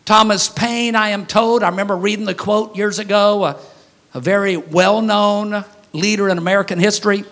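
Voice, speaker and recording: A high-pitched man preaching a sermon from the pulpit. His delivery is folksy and joking, and he breaks into sudden loud shouts. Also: fairly even intonation, moderate pace. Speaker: pastor.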